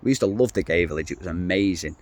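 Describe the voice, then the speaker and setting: A man's voice: sits low, expressive, fast. A middle-aged man ranting to camera in a casual vlog, blunt, swearing freely and rambling. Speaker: vlogger.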